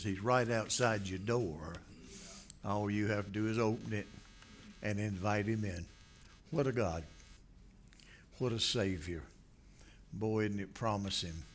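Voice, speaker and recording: A man preaching a folksy sermon, telling stories from his childhood and rising now and then into loud exhortation. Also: lowish voice, slight background noise. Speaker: pastor. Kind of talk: folksy sermon with personal story.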